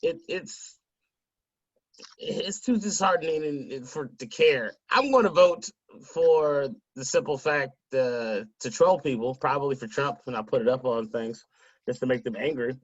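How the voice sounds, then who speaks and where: A man's voice: mid-range voice, unhurried, dry recording. A man co-hosting a podcast in casual chat, dropping dry, wisecracking remarks, on slightly muffled remote call audio. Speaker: podcast co-host.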